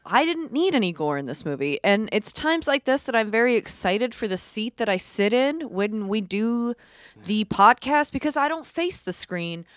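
A woman's voice: on the high side, sing-song, moderate pace, clear, resonant tone, no echo, studio quality. A woman co-hosting a podcast, chatting casually and laughing often as she retells things dramatically. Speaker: podcast co-host. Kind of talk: casual chat.

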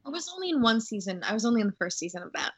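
A young woman actor, guesting in a casual interview, chats breezily and fills her speech with plenty of "like" and "um." Her fairly high voice is sing-song and rapid-fire, a bit bright with a breathy edge. The recording has its highs cut off.

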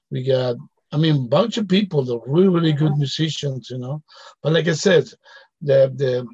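A man in his fifties speaks in English with a strong Venezuelan Spanish accent. He sounds relaxed in casual conversation and keeps adding "you know." The sound is dull and lo-fi, with very little room. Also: mid-range voice, slightly rough, no room sound. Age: 50s. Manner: relaxed, laughs easily, fills with "you know". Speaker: guest. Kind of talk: casual interview chat.

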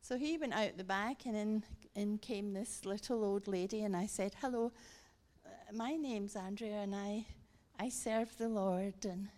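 A middle-aged woman giving a guest sermon, telling a story with animated emphasis and emphatic repetition. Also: mid-range voice, a little slow. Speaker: guest speaker.

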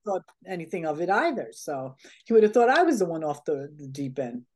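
Low-voiced and brisk, a woman appears as an interview guest and tells casual anecdotes. She is animated, laughs often, and acts out the dialogue she quotes.

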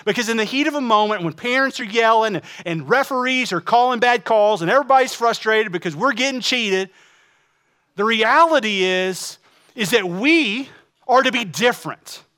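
A man, a pastor, preaching a sermon with many rhetorical questions, swinging from loud emphasis to hushed asides. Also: high voice.

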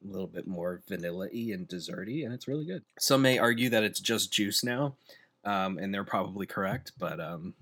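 A man co-hosting a casual podcast about movies, playful and quick to laugh. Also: low-pitched, lively intonation, fairly bright tone, no echo. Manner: laughs often, loose and playful. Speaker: podcast co-host. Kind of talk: casual chat.

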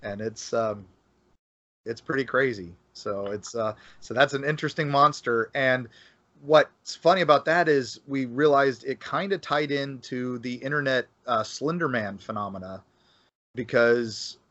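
Unhurried and fairly bright in tone, this medium-pitched man from Florida is a guest in a casual podcast conversation. His talk on local folklore wanders, full of fillers and restarts, on dull, dry lo-fi audio.

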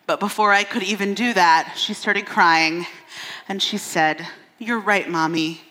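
A woman's voice: medium pitch, fairly even intonation, unhurried, sharp tone, big-room sound, rough recording. A woman in her thirties preaching a sermon, telling candid, self-deprecating stories about her family with humor. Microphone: stage microphone.

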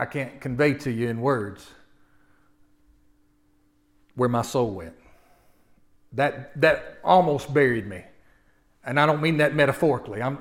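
A man in his forties preaching a sermon, moving from quiet personal storytelling to loud, impassioned exhortation. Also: medium pitch. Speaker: pastor.

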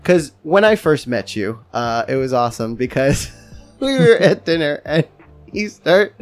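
A man hosting a casual podcast, excitable and profane, laughing as he talks. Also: fairly high pitch, unhurried, soft background music. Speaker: podcast host.

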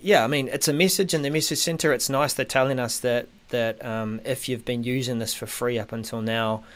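A man's voice: medium pitch, fairly even intonation, fairly quick. Hesitant man hosting tech chat. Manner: hesitant, many ums, trails off softly. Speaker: podcast host.

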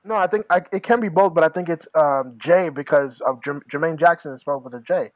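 A man's voice: on the high side, fairly quick, no room sound, rough recording. A young man co-hosting a podcast who chats casually, laughs a lot, and tells stories. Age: young adult. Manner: giggly, storytelling banter. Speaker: podcast co-host. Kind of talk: casual chat.

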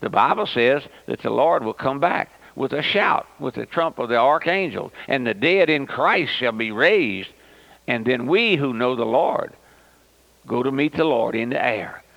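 A man's voice: mid-range voice, animated, unhurried, gravelly, a bit bright. A man, preaching a fervent radio sermon and calling his listeners my friend. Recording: dull lo-fi old radio recording.

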